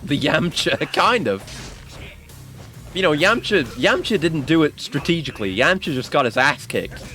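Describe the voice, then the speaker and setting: A man's voice: fairly high pitch, normal speed, faint music behind. A man giving casual let's-play commentary on a video game, yelping and swearing when the game surprises him. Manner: excitable, yelps and swears at the game. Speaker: gaming streamer.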